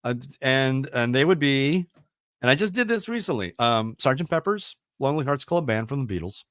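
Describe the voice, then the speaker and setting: A man's voice: medium pitch, animated, normal speed, fairly bright tone, no room sound, clean studio sound. A middle-aged man hosting a radio talk show, chatting casually and rambling with enthusiasm, full of fillers and restarts. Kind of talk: casual chat.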